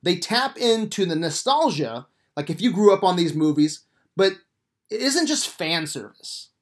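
A man's voice: sits high, big pitch swings, unhurried. A man hosting a podcast, reviewing a movie in a casual, rambling way with lots of swearing and enthusiasm. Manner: profane, enthusiastic, rambling with fillers. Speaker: podcast host.

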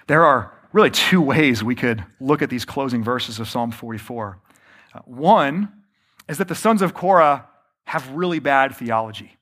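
A man preaching a sermon, often slowing down to stress his points and calling the listeners friends. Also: medium pitch. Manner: varies pace and loudness, slows for emphasis. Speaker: pastor.

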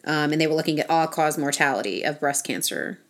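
Low-voiced woman explaining research casually. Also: expressive, fairly quick. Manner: explains studies in long run-on sentences with fillers and restarts.

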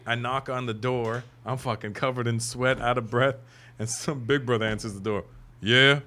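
A man's voice: medium pitch, steady tone, moderate pace, fairly bright tone, a little hiss or hum. A man in his forties, a guest comedian, telling a story with lots of acted-out voices. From Canada. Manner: acts out voices, laughing through the telling. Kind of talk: animated storytelling.

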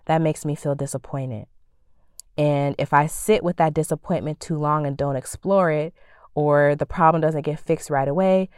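Woman with a low voice doing a spirited faith pep talk on her podcast, sassy asides, dry close mic. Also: clean tone, dry recording. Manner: animated, preacherly, acts out quoted thoughts with playful sass. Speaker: podcast host. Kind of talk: faith-based motivational talk.

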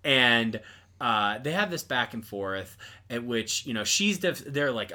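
Animated bright-voiced young man. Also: mid-range voice, normal speed. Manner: animated, exasperated, lots of fillers. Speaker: podcast co-host. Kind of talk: casual movie review chat.

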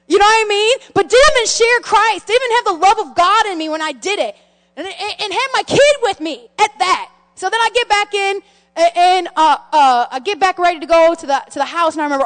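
Woman pastor, middle-aged, high voice, lively storytelling sermon in a reverberant hall. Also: a little fast. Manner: animated storytelling, many restarts, addresses the congregation as friends. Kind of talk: sermon with personal stories.

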